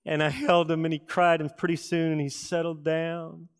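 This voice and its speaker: A middle-aged man preaching a sermon from Texas, telling folksy stories with dramatic pauses and asides. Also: on the high side, level tone, smooth. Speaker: pastor.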